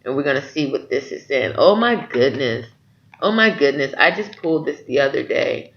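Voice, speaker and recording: A man's voice: medium pitch, animated, moderate pace, a bit bright, lo-fi sound. A man giving a spiritual tarot reading to his viewers, earnest and encouraging, often checking in with "okay?". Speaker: tarot reader.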